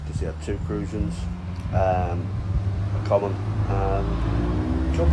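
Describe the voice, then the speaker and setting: Against heavy background noise, an angler who hosts a vlog chats casually by a fishing lake in a low voice. His banter is teasing and full of swearing.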